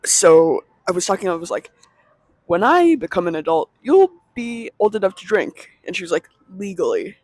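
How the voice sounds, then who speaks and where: Teenage guy, casual vlog rambling, self-aware asides, a bit high-pitched, dry close sound. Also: no echo. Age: late teens. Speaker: vlogger. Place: in a market.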